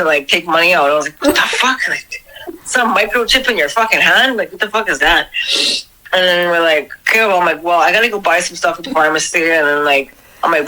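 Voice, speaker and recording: Bright-voiced woman telling a wild dream. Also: on the low side, poor audio. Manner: profane, animated retelling of a dream. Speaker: podcast storyteller. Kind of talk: casual storytelling.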